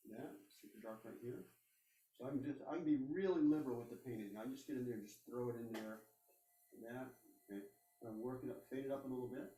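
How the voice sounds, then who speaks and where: A man's voice: medium pitch, fast, warm tone, roomy sound, distant mic, low-quality recording. A man teaching a live airbrush painting demonstration, talking casually and reassuringly as he works. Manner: casual, reassuring, thinks aloud while working. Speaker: art instructor.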